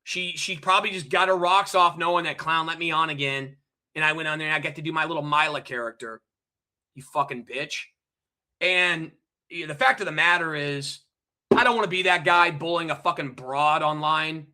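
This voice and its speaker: Ranting stream host, male, high and piercing, swears and repeats himself at chat. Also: fairly quick, pushed and bright. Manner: heated, profane, repetitive, addresses chat directly. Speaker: livestream host. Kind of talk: angry ranting livestream monologue.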